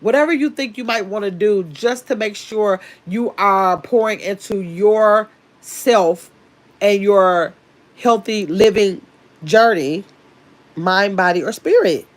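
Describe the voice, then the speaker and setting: A woman's voice: medium pitch, slow. A woman hosting a casual livestream from her bed at home, reading out viewer comments and greeting people by name in a loose, chatty way. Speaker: livestream host.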